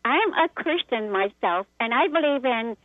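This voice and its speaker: A woman's voice: fairly high pitch, animated, normal speed, dry recording. A woman with an Asian accent calling in to a radio show, polite, earnest and emphatic. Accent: Asian-sounding. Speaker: caller. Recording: tinny phone line.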